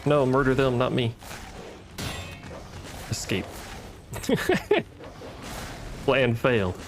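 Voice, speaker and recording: Wry, gravelly gaming streamer man. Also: medium pitch, unhurried, a little hiss or hum. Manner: muttering, wry, swears at enemies. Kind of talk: casual gameplay commentary.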